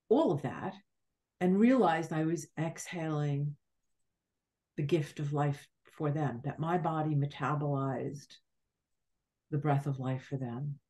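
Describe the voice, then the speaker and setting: Podcast guest: middle-aged woman, deep voice, unhurried, reflective spiritual storyteller with halting restarts. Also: steady tone, darkish tone.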